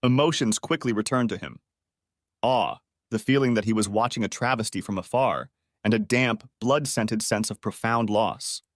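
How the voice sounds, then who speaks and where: Measured male storybook narrator, dry sound. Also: on the low side, no echo. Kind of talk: audiobook narration.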